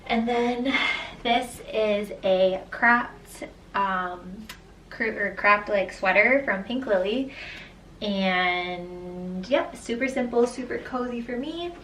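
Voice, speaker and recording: A woman's voice: mid-range voice, slow, fairly bright tone. A young woman and new mother chatting casually about her outfits, with many "like" and "um" fillers. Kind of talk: casual outfit try-on chat. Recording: roomy echo, distant mic, faint room noise.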